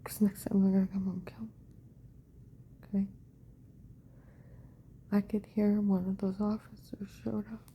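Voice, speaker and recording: A woman telling a personal account in a rambling monologue, often dropping to a hushed whisper, with fragmented, repetitive phrasing. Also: medium pitch, level tone, a little slow, long pauses, a little hiss or hum.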